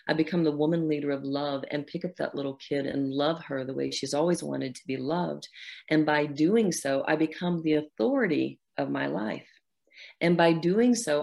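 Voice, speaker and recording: A middle-aged woman, appearing as a guest author in an interview, speaks earnestly about her own healing and acts out her inner dialogue in a reflective way. Her voice is low and creaky with a darkish tone.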